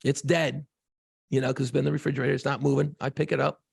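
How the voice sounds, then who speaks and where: A man's voice: medium pitch, little pitch movement, fast talker, a little mellow, no room sound, studio quality. A man co-hosting a casual podcast, swearing freely and rambling through a long story about home life. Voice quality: gravelly. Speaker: podcast co-host.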